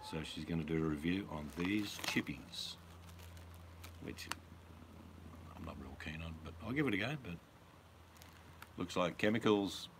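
Deep-voiced aussie bloke rambling on a stream, blunt and crude, bit of hiss in the background. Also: male voice. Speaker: host. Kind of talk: casual live-stream chat.

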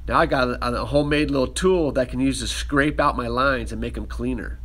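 A man walks his students through a clay project, chatting in a relaxed way as he works with his hands. His voice has a bright, forward ring with a pitch in the middle range. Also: brisk. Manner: relaxed, talks while working with hands. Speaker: ceramics teacher. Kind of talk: casual demonstration lesson.

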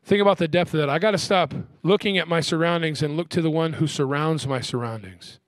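A man preaching a sermon as pastor, asking the crowd "amen?" and slowing down to stress key words. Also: on the high side, no room sound, clean studio sound. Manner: call-and-response preaching, frequent "amen?".

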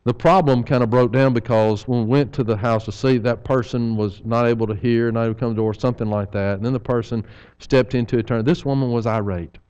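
A man's voice: medium pitch, steady tone, quick pace, a little mellow, clean tone, lo-fi sound. A man preaching an evening sermon in a church, folksy, with rhetorical questions and humorous asides.

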